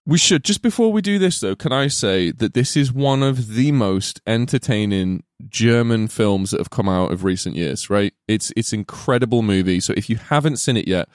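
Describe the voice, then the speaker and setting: Brief: male podcast host, animated pitch, teasing, dry close mic. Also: normal speed, hardly any pauses, dry recording. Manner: playful, laughing, teasing. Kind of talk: casual chat.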